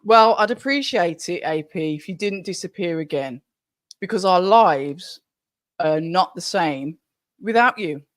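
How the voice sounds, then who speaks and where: A woman hosting a live fight watch-along stream, chatty and excitable, talking straight to her viewers. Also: on the low side, a little slow, no echo. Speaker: livestream watch-along host.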